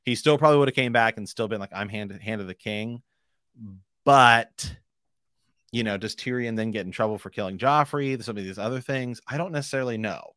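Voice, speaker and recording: A man's voice: medium pitch, a little fast, a bit bright, no room sound, studio quality. A man co-hosting a casual book discussion podcast, rambling and often restarting his sentences. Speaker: podcast co-host.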